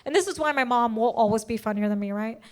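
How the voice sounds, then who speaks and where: A woman's voice: fairly high pitch, quick pace, darkish tone. A young adult woman doing a stand-up comedy set, brash and profane, acting out the people in her stories. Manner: brash, profane, acts out quoted voices. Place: comedy stage before a live audience.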